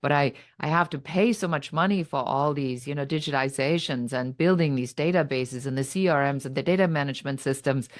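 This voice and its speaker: A woman's voice: a bass voice, a little fast, no echo, studio quality. A middle-aged woman, a podcast guest who tells her story dramatically and acts out her own past thoughts. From Germany. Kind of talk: personal story told in conversation.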